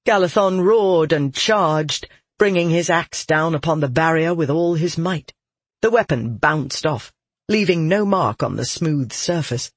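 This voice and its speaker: A man narrates a fantasy audiobook in a measured, steady reading. His voice is husky and sits a bit high. The recording is close and dry. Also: dry recording.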